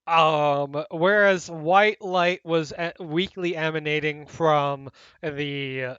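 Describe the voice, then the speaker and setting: A man's voice: a little high, takes it slowly, fairly bright tone, clear, resonant tone, no echo, muffled recording. A man running a tabletop fantasy game as game master, describing scenes and explaining rules in an upbeat way.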